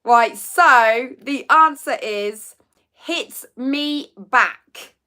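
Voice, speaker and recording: A livestream host runs a casual live quiz chat, giggling often and chatting as she reads out what viewers have commented. She talks extremely slowly in a high, bright voice with a forceful tone.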